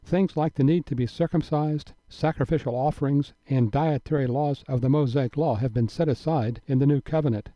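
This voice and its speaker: A man delivering a scripted radio Bible teaching in a measured, earnest and emphatic manner. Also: medium pitch, mellow, no room sound. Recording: dry, dull lo-fi broadcast audio.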